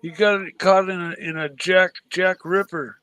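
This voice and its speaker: A man on a livestream panel, talking in a hesitant, halting way. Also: high voice, fairly even intonation, recorded from a distance, a crowd in the background. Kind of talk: casual chat.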